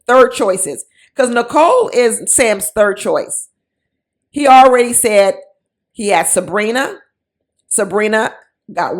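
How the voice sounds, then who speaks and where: A woman's voice: mid-range voice, vocal fry. A woman giving casual, sassy commentary on a reality show, mocking the people in it with quoted voices.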